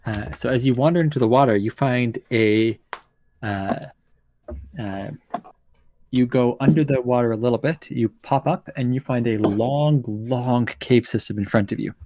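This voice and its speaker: Man, game master, tabletop narration, mid-range voice, unhurried with fillers. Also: mid-range voice, dark tone, slight background noise.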